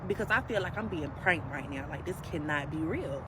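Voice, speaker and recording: A woman telling her own story in a casual, emphatic and animated way, talking straight to her viewers. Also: low voice, brisk. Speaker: storyteller in a played clip. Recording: street noise with passing vehicles.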